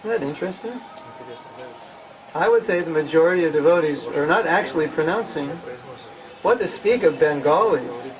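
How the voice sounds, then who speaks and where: A man's voice: on the high side, animated, normal speed, long pauses, recorded from a distance, crowd noise, poor audio. A man leading a chanting seminar, lecturing in a conversational way, asking his listeners rhetorical questions and mimicking how people pronounce words. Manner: imitates questioners and mimics pronunciations. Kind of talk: lecture to a live audience. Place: seminar hall with an audience.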